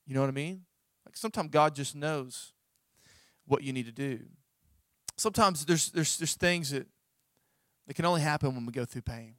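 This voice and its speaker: Animated preacher man, bright voice. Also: on the high side, moderate pace, no echo, clean studio sound. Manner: animated storytelling, acts out his own reactions. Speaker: pastor. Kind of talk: sermon with personal story.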